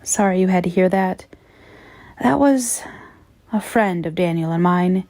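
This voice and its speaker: A man's voice: high voice, measured pace, a little mellow, no echo. Woman voicing a flustered young man. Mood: apologetic. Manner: flustered, stammering, apologetic. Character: nervous, apologetic young man, the son's friend.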